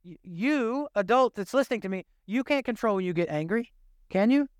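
Older male preacher, high-pitched, earnest and chatty, dry recording. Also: expressive, brisk, clean tone, no echo. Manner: earnest, conversational preaching with rhetorical questions. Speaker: pastor. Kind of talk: sermon.

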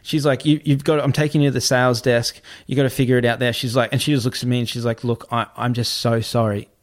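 A man, a podcast guest telling a story in a casual, animated way, often swearing and repeating himself. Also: mid-range voice, fast talker. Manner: animated, repetitive, swears freely.

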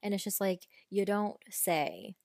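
A woman's voice: medium pitch, very animated, unhurried, creaky, a little mellow, no room sound, studio quality. Chatty, opinionated woman podcast host. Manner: chatty and opinionated, frank with mild swearing. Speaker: true crime podcast host. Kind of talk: casual true crime storytelling. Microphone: podcast microphone.

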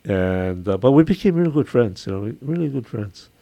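An older man from Hawaii with a Hawaiian accent, hosting a casual radio chat, chatty and quick to laugh. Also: mid-range voice, big pitch swings, gravelly, mellow, no echo, lo-fi sound. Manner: chatty, laughs easily, imitates local sayings. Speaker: radio show host.

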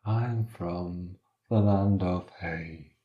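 Man doing a slow, low, creepy dealer, roomy sound. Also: highs cut off. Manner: slow, low, sinister, odd rhymes. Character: creepy, strange male drug dealer, odd and slow.

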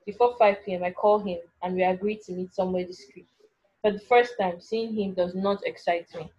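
A woman reads a first-person story aloud, anxious and full of self-questioning, at an ordinary mid pitch. The recording is dull and lo-fi, with muted highs. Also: steady tone, fairly quick, darkish tone. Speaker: narrator.

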